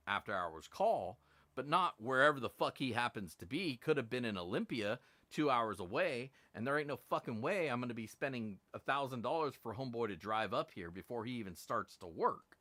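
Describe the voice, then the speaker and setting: A middle-aged man rants on a live stream with a bright, forceful voice, and his pitch swings widely as he tells the story. He swears freely and sounds exasperated. The sound is dry and close. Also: no room sound. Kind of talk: casual ranting live stream.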